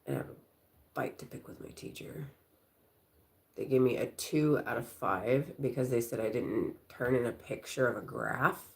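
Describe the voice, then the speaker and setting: Middle-aged woman, low creaky voice, loose rambling livestream chat host. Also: animated, moderate pace. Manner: rambling, chatty, storytelling with quoted voices.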